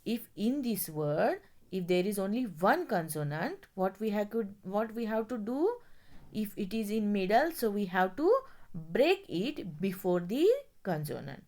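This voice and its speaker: Woman teacher, unhurried and melodic; spells words letter by letter and keeps asking "got it?". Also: medium pitch, animated, mellow. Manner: explains step by step, often checks "got it?". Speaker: English teacher. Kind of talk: classroom grammar lesson.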